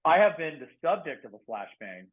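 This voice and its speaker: Male podcast guest, ex-negotiator, lively storyteller; thin phone-line audio. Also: fairly high pitch, a little fast. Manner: animated storyteller, laughs often, acts out quotes loudly. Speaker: guest, former SWAT negotiator and security professional. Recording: phone-like narrow band audio.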